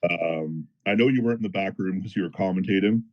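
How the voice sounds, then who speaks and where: A man telling a story in a casual podcast chat, animated and profane, as a powerlifter guest. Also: low-pitched, fast, highs cut off. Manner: animated, profane, fired-up retelling.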